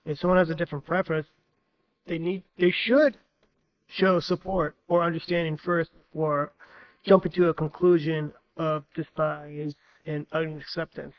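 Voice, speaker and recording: Guy with a kinda higher voice, earnest, explains his take calmly. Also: moderate pace, muffled recording. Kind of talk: casual chat.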